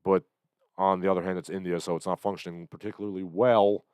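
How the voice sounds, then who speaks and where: A man hosting a livestream, commenting on the news in a sardonic, halting way with lots of fillers, still getting over an illness. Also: deep voice, little pitch movement, a little mellow, clear, resonant tone, no echo. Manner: sardonic, hesitant with many fillers. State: recovering from illness, coughing. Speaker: livestream host.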